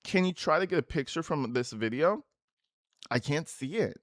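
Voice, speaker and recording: A man's voice: on the high side, expressive, normal speed, dry recording, clean studio sound. Crude, mocking male commentator. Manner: crude, mocking and sarcastic, breaks into laughter. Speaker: online commentator. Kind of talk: reaction commentary reading texts aloud.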